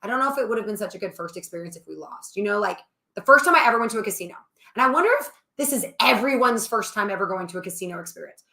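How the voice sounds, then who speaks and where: A woman's voice: mid-range voice, animated, racing, vocal fry, sharp tone. Chatty woman rambling in an echoey room. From New Orleans area. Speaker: co-host, wife of the host. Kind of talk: casual chat.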